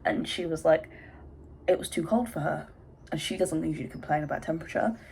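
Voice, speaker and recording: A woman's voice: low-pitched, fairly quick, creaky, a little mellow, slight background noise, poor audio. A young English woman chatting in a rambling vlog from her bedroom, out of breath with hay fever. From England. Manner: chatty, rambling, self-interrupting. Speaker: vlogger. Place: bedroom at home.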